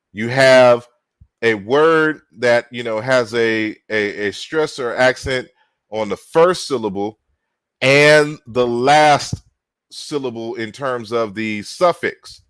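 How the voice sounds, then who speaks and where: A man giving an online linguistics lecture, deliberate, spelling out words with frequent fillers and restarts. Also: fairly low pitch, fairly bright tone, clear, resonant tone, no room sound.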